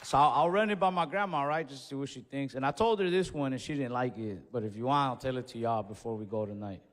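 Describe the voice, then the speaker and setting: A man doing stand-up, telling a story in a casual, profane way with sudden shouted bursts, recorded live on stage. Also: medium pitch, quick pace, a faint crowd, a little hiss or hum. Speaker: stand-up comedian. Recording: reverberant live venue with faint ambience.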